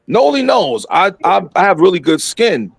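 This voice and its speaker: A middle-aged man telling a story in casual podcast chat, animated and profane, acting out what people said. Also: high voice, normal speed, gravelly, slightly rough, no echo. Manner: animated, profane, acts out quotes.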